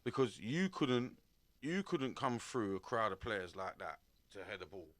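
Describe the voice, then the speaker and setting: A man co-hosts a radio sports show in casual studio banter. His voice is very low and recorded dry and close. He talks in a measured way and keeps steering back to the football. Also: dry recording.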